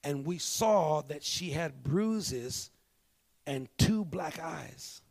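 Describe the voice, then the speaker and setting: Gravelly high-voiced male pastor preaching. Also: expressive, drawn-out words. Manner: storytelling preacher, swings between hushed and emphatic. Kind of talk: sermon.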